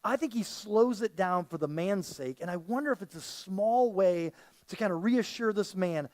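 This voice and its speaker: A male pastor delivering a sermon in a church, his voice pitched high and swinging widely up and down. He talks in a loose, conversational way, repeating words as he builds a point and slipping into quoted voices. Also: normal speed. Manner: conversational, animated preaching with repetitions and quoted voices. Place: church sanctuary.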